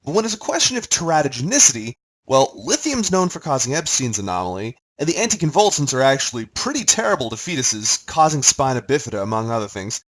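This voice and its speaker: A man's voice: medium pitch, very animated, fast, fairly bright tone, low-quality recording. A man giving a recorded pharmacology lecture in a conversational way, quizzing his listeners as he goes.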